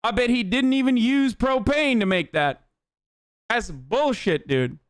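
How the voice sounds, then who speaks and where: A man's voice: very high voice, unhurried, clear, resonant tone, dry recording, studio quality. A male streamer giving casual, profane, rambling livestream reaction commentary. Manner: profane, animated, rambling riffs.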